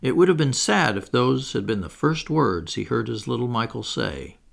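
Reading a children's story aloud with wry asides to the listener, this male audiobook reader delivers scripted narration in a medium-pitched, gravelly, animated voice at a moderate pace.

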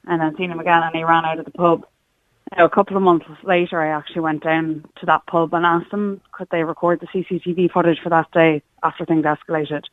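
A woman's voice: sits low, little pitch movement, quick pace, no echo. A young woman from Sligo with an Irish accent, a radio guest telling a personal story in an earnest, matter-of-fact way. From Ireland, Sligo. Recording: tinny phone line.

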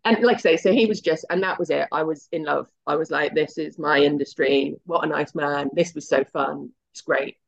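A middle-aged woman chats through her career story as an interview guest, slipping into little acted-out bits of dialogue. Her voice carries a gravelly edge of vocal fry, and the audio is slightly muffled and lo-fi. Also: sits low, normal speed, few pauses. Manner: chatty and anecdotal, acts out quoted dialogue. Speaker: guest, television executive.

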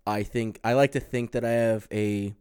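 A man in casual chat, telling a drawn-out story and swearing freely. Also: lowish voice, fairly even intonation, a little mellow, clear, resonant tone, no room sound, studio quality.

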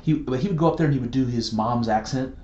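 A man co-hosting a casual podcast chat, rambling and animated, laughing easily as he tells stories. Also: medium pitch, quick pace, roomy sound, muffled recording. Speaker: podcast co-host.

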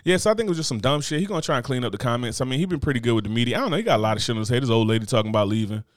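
Fast, lively man talking bluntly. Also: medium pitch, no room sound, clean studio sound. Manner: blunt, profane, joking. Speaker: podcast co-host. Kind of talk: casual chat.

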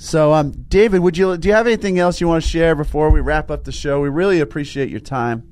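Talking fast in a fairly high voice, this male co-host of a casual spiritual talk show tells animated stories. He frequently starts over mid-sentence.

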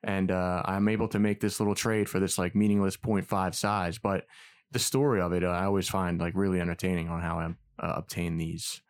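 A man's voice: sits low, flat delivery, a little fast, smooth. A man co-hosting a casual podcast, telling a long story and acting out the quoted dialogue, swearing freely. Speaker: podcast co-host.

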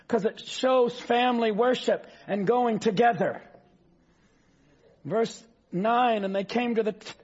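A male preacher delivering a fervent sermon, reading scripture slowly and rising to shouts. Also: extremely high pitch. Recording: dull lo-fi sound.

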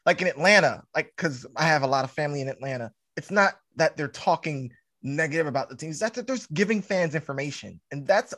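A man's voice: fairly high pitch, lively intonation, brisk, hardly any pauses, fairly bright tone, no room sound. A man hosting a casual sports podcast, earnest and steering the conversation back to the topic.

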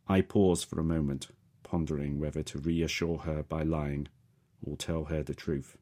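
Very deep, husky male narrator. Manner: steady, measured storytelling. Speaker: audiobook narrator. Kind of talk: first-person audiobook narration.

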